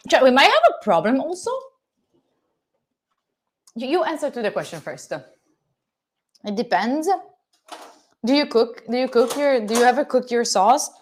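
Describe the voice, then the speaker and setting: A woman's voice: fairly high pitch, expressive, normal speed, pauses often, a little hiss or hum. A young woman from Italy with an Italian accent, chatting playfully with her stream while cooking, teasing her viewers and swearing casually. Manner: chatty, playful, swears freely, teases chat. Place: home kitchen.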